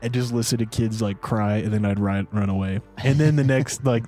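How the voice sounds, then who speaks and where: A man's voice: on the low side, brisk, faint music behind. A young adult man co-hosting a podcast, telling a story in casual chat and acting out the people in it. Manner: animated, slangy storyteller who acts out quotes. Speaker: podcast co-host.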